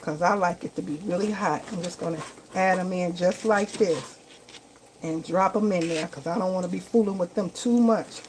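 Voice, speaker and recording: This woman's lowish voice moves at normal speed as she cooks over sizzling pans, chatting away in a casual live vlog from her home kitchen. A home cook and vlogger, she keeps calling viewers y'all and baby, and the low-quality recording is loud with frying.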